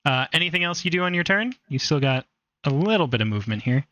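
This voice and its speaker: A man's voice: on the high side, lively intonation, fast, a bit bright, dry recording, dull audio. A man running a tabletop game as game master, playful and teasing, often laughing.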